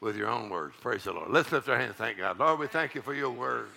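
A man preaching a charismatic sermon in a church, exuberant, shouting, whooping and leading the congregation in laughter. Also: medium pitch, expressive, a little fast, creaky. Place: church sanctuary.

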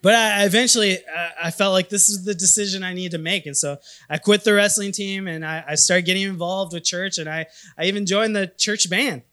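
A man from Minnesota in his thirties preaching a sermon, telling stories with animated, emphatic swings in loudness. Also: high voice, brisk, few pauses, clean tone. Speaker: pastor.

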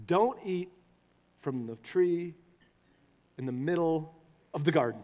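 A man preaching a sermon to a congregation, animated and putting questions to the listeners. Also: fairly high pitch, slow pace, long pauses, lo-fi sound. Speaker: pastor. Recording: long hall reverb.

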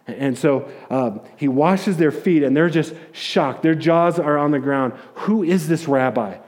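A man preaching a sermon, retelling a story in a casual, animated way with jokes and acted-out quotes. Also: a little high, measured pace. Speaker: pastor.

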